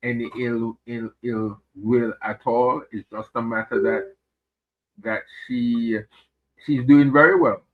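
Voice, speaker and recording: A man giving his views as a regular guest on a political chat show, speaking in a hesitant, measured way with many fillers and repeated words. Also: mid-range voice, fairly even intonation. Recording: tinny phone line.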